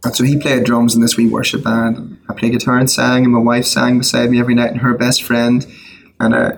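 Gravelly Irish man telling his story. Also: medium pitch, completely flat delivery, poor audio. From Ireland. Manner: earnest storyteller, quick asides and restarts. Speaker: guest, worship songwriter. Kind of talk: personal testimony in a casual interview.

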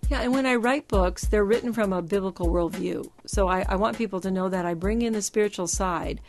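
A middle-aged woman talking as a Christian psychologist, explaining step-by-step advice in a measured, emphatic teaching manner. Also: mid-range voice, a little mellow, soft background music. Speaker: Christian psychologist and show host. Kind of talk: faith-based advice talk.

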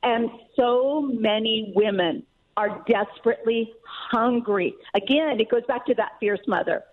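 A middle-aged woman author, a guest in an interview, talking in an emphatic, earnest way with quick laughs. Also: on the high side, slight background noise. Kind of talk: casual interview talk. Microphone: phone call. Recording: tinny phone line.

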